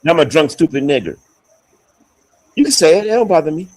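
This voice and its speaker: Foul-mouthed guy roasting people on a stream, voice jumps all over, kinda high. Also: lively intonation, brisk, a little mellow, poor audio. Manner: profane, taunting. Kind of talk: trash-talking live stream banter.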